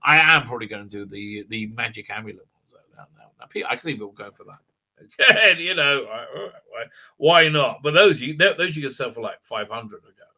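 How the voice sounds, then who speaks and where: A middle-aged man hosting a casual livestream, reading chat aloud, rambling and excitable with many fillers and frequent laughs. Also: medium pitch, a little fast.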